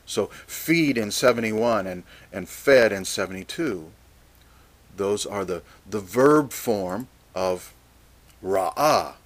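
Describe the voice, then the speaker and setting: A man preaching a Bible teaching sermon, measured and deliberate, reading scripture passages aloud. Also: fairly low pitch, expressive.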